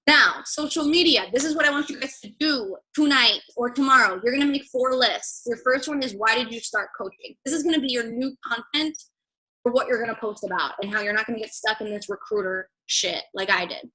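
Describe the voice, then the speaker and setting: A woman's voice: fairly high pitch, fairly quick, pushed and bright, poor audio. A young woman leading a team training call as coach, chatty and blunt, swearing freely and filling her talk with "like" and "right?".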